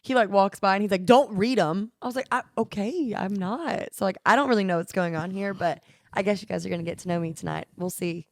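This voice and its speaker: A woman's voice: mid-range voice, a little fast, no echo, studio quality. A woman from the American South with a Southern accent, chatting casually as a podcast co-host and laughing often, recorded on a phone at home. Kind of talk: casual chat.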